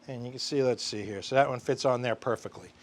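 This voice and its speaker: A man's voice: mid-range voice, fast. A man hosting a casual cooking demonstration at an outdoor grill, chatty and enthusiastic, talking straight to the camera. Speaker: cooking show host.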